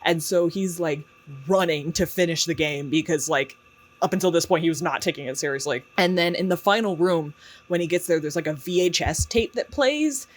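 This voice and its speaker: A man's voice: on the high side, moderate pace. A man giving casual commentary as a YouTube book reviewer, chatty and sarcastic, with lots of fillers and laughs.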